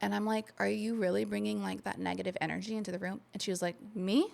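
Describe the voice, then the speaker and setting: Gravelly-voiced woman telling a story. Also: medium pitch, level tone, fast talker, a little mellow. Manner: swears freely, tells a long personal story. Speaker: podcast co-host. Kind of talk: casual chat.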